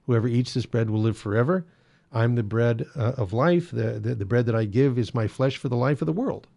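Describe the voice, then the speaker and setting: A man's voice: medium pitch, fairly quick, gravelly, mellow. A man hosting a Catholic apologetics talk, explaining doctrine in a conversational way with many fillers and restarts. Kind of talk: casual explanatory monologue.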